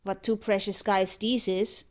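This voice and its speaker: A woman reading aloud, voicing a rough ragamuffin lad who taunts and calls to his dog. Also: mid-range voice, flat delivery, a little slow, lo-fi sound, close to an everyday voice. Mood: taunting.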